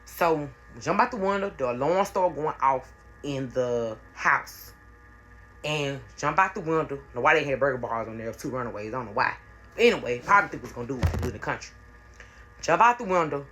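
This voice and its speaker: Bright-voiced woman telling a story. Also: very deep voice, lively intonation, fairly quick, a little hiss or hum. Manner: repetitive, conversational, slangy. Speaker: storyteller vlogger. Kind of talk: casual storytime narration.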